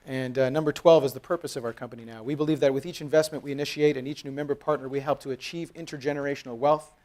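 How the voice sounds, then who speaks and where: Racing along in a mid-range voice, a thirtysomething man presents live at a conference hall. He tells stories animatedly, performs quoted dialogue, keeps it conversational, and jokes with the crowd.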